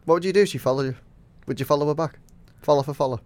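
A man's voice: on the high side, rapid-fire, darkish tone. Teasing male podcast co-host. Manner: teasing, chatty, laughs often. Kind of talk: casual chat.

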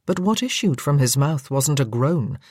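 Female audiobook narrator, measured delivery, close mic, dry studio. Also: very deep voice, husky, no room sound. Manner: measured, even-paced storytelling. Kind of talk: scripted narration. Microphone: close studio microphone.

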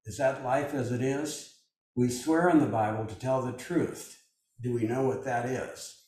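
Through a distant mic in a very echoey room, an older man guides a video-call meditation group. His medium-pitched voice is unhurried, a little mellow, and fairly even, and his loose, musing talk is full of fillers.

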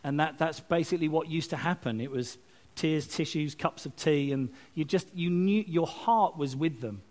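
A man giving a lively, chatty sermon with asides and self-mocking jokes. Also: fairly high pitch, normal speed. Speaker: preacher. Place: church service, streamed online.

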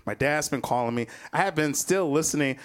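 A man telling a personal story live, animated, chuckling between lines and acting out other people's voices. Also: fairly high pitch, fairly quick. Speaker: storyteller, comedian.

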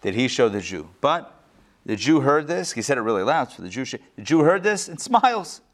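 A man who is a rabbi, teaching a live class and telling jokes with lively, animated voices for the characters. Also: a little fast. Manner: animated storyteller, acts out joke characters with big pitch swings. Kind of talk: live lecture with joke-telling. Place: synagogue classroom, recorded live before an audience.

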